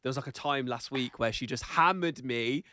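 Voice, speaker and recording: A man's voice: mid-range voice, normal speed, sharp tone, dry recording, clean studio sound. A young man co-hosting a casual podcast, swearing freely, laughing often and reading listener stories aloud. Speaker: podcast co-host. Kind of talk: casual chat.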